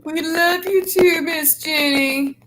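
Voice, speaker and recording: A woman's voice: extremely high pitch, fairly even intonation, slow pace, background noise. A woman hosting a casual live chat, reading out viewer comments between stories. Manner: chatty, reads out viewer comments. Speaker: host.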